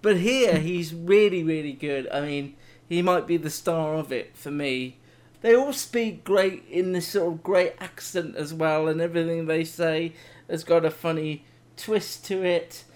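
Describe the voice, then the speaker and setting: A man's voice: on the high side, unhurried, a little mellow. A man hosting a TV review podcast, chatty and enthusiastic. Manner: chatty, enthusiastic, laughs often. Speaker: podcast host. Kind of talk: casual chat.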